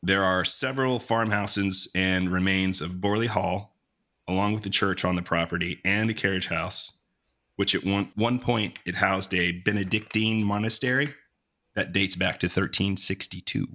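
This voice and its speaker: A man's voice: sits low, fairly even intonation, moderate pace, pushed and bright. A man hosting a podcast in casual, laid-back chat, joking and swearing easily. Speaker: podcast host.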